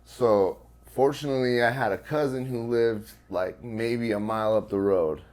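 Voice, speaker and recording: As an interview guest, a man shares a personal story, swearing freely and leaning on plenty of fillers. The voice is medium in pitch and a little mellow, moving at a moderate pace.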